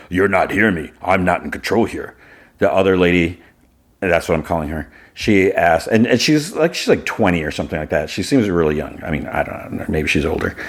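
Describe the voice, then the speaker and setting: A man hosting a podcast, casually recapping an episode and thinking aloud as he retells the scenes. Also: sits low. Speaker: podcast host.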